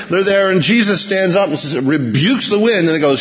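A man's voice: high voice, expressive, a little fast, hardly any pauses. Man preaching in a big echoing hall. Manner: storytelling, acts out quotes with shifting pace and volume. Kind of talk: sermon. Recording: dull, muffled sound in a long-reverb hall.

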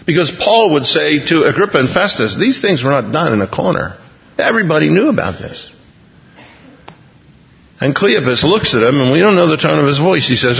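A man preaching a sermon, retelling scripture in a lively, jokey way and acting out the dialogue in little voices. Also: fairly high pitch, fairly quick, creaky. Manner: animated, jokey, voices the characters in scenes. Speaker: pastor. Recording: dull sound with long hall reverb.

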